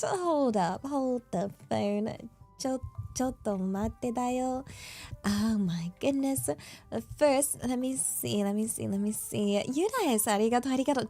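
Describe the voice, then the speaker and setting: Bubbly, giggly woman streamer over soft music. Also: high-pitched. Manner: bubbly, giggly, easily excited. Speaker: VTuber streamer. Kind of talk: casual live-stream chat.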